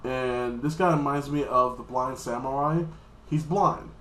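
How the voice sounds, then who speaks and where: A man's voice: measured pace, fairly bright tone. Rambling, profane man in an echoey room. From United States. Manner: rambling, profane, bursts into high-pitched mock voices. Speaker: anime reviewer. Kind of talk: casual episode recap.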